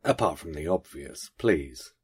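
A man reading aloud, putting on an eccentric, posh male stranger who rattles off rapid, clipped questions and answers them himself. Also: extremely low pitch, lively intonation, husky, pitched below the performer's own voice, heavily acted. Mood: quizzical.

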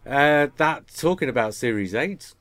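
A man's voice: medium pitch, lively intonation, a little slow, fairly bright tone, no echo. A man hosting a podcast, joking with his co-hosts and reading listener emails aloud. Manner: jokey, bantering. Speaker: podcast host.

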